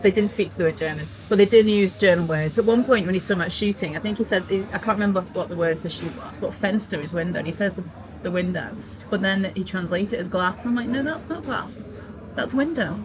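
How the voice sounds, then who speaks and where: A woman's voice: fairly low pitch, quick pace, background noise. A woman co-hosting a casual film podcast, chatty and opinionated, swearing casually and laughing often. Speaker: podcast co-host.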